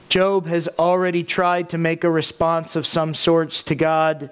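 Guy preaching a sermon, kinda chatty with ums and asides, smooth clear voice. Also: on the high side, flat delivery, a little slow, hardly any pauses. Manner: conversational preaching with asides and fillers. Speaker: pastor.

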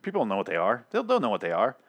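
A man's voice: lowish voice, huge pitch swings, very fast, a bit bright. A young man giving a profane, exasperated, sarcastic recap of a TV episode, stumbling and restarting often. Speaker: TV episode reviewer. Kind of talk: ranting casual recap.

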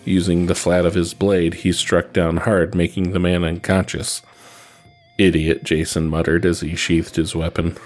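A man reading fan fiction aloud in a steady, even narration. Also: deep voice, moderate pace, hardly any pauses. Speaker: reader.

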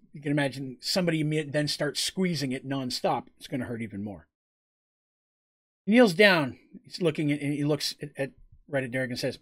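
A man's voice: on the high side, breathy edge. A man narrating a tabletop game as game master, casual and rambling with fillers.

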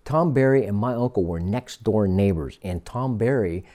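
In an oral history interview, a retired fire captain from Northern California, now in his sixties, tells stories and acts out the lines of the people he quotes. His voice is lowish, expressive and dark in tone, moving at a normal speed.

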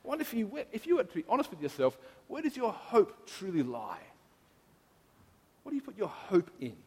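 A man in his thirties preaches, his voice sitting high for a man. He speaks in a personal, earnest way and reflects on his own life. His words ring out with a long reverb, as in a large church hall. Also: huge pitch swings, a little fast, warm tone, husky. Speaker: pastor. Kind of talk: sermon.

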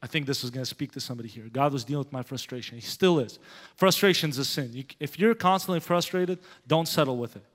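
A man pastor giving a sermon with a personal story, animated and growing loud as he tells of his anger. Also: medium pitch, fast. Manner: animated, grows loud when telling of anger. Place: church sanctuary. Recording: long hall reverb.

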